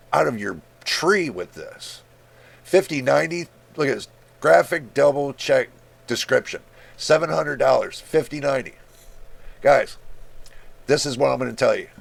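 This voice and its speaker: This tech video host vents in a casual screen-share rant, blunt and disbelieving, with frequent swearing and clear exasperation. He speaks at a medium pitch with vocal fry.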